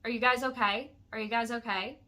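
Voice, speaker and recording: A nagging, insistent man who repeats himself again and again, as a woman storyteller puts him on. The voice sits a little high and sounds bright and forward. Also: fairly even intonation, a little fast. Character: pushy man on a balcony, persistent.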